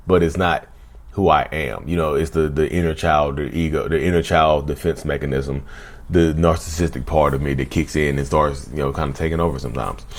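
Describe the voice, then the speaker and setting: Deep-voiced man chatting to camera. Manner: conversational, repeats himself, often says "y'all". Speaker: channel host. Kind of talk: casual talk to camera.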